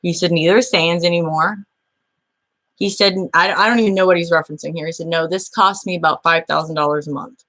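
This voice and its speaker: A woman's voice: lowish voice, fairly even intonation, brisk, fairly bright tone. A woman hosting her own show, recounting a dispute by reading old messages aloud, blunt, aggrieved and swearing freely. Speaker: show host.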